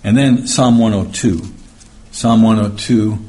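A Bible teacher's low, dark, steady voice moves at a measured pace through a verse-by-verse sermon. It's conversational, with plenty of fillers and restarts, and he acts out the voices of the passages he reads.

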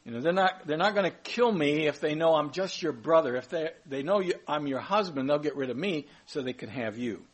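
Husky-voiced man teaching the Bible. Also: on the high side, animated, fairly quick, hardly any pauses. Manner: informal, chatty, corrects himself aloud.

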